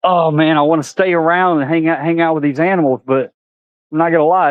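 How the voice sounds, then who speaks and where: A man's voice: steady tone, a little fast, dry recording, narrow, tinny audio. A man, chatting casually on a handheld camera vlog outdoors at an animal park, talking to the animals. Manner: chatty, talks to animals in a high sing-song. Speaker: vlogger.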